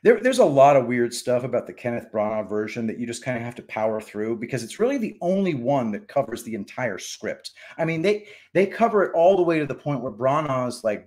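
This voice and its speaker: A man's voice: medium pitch, very animated, brisk, few pauses, a little mellow. A man hosting a casual live stream, reading chat and giving rambling, opinionated takes with frequent restarts.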